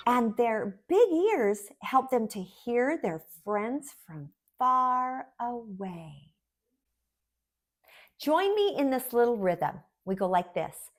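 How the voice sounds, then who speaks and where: A woman's voice: a little high, big pitch swings. A woman teaching preschoolers about farm animals, speaking in a sing-song way and chanting simple rhymes. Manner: slow, sing-song, exaggerated for toddlers. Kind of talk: children's lesson with rhymes.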